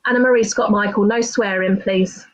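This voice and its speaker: A woman's voice: mid-range voice, steady tone, a little fast, poor audio. A woman hosting a casual chat, teasing the others and laughing often. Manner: giggly, teasing. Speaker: host.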